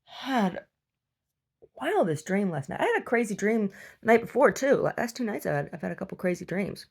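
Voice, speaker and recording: A woman's voice: mid-range voice, big pitch swings, moderate pace, creaky, slightly rough. A woman host telling a long casual story, rambling and chatty, full of fillers and restarts. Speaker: podcast host.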